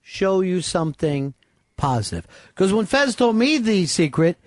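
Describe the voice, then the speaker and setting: A man's voice: sits high, sing-song, a little slow, no room sound, studio quality. A man hosting a radio talk show, bossy and brash, swearing freely as he plans a stunt. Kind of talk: casual radio banter.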